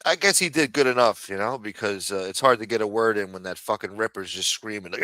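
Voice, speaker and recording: Profane ranting man, bright voice. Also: lowish voice, quick pace, few pauses, clear, resonant tone, no echo. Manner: heated, swears constantly, mocks others in raised voices. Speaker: livestream commentator. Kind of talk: casual profane rant.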